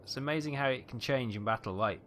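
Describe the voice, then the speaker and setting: A man giving tense, excitable live commentary on a naval battle game, calling out ranges and fire orders. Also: mid-range voice, fast, noisy background. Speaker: gameplay commentator.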